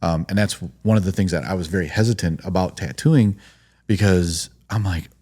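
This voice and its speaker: A man's voice: sits low, a little fast, mellow. A man with a Midwestern American accent, a tattoo studio owner talking earnestly and reflectively as a guest on a podcast. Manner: earnest, reflective, trailing restarts. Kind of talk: casual podcast conversation.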